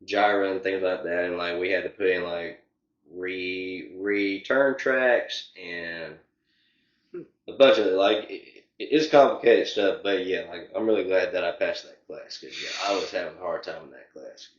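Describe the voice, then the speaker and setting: Young man, low voice, rambling filler-heavy answers; roomy, slightly muffled recording. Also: measured pace. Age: young adult. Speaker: interview guest. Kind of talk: casual interview.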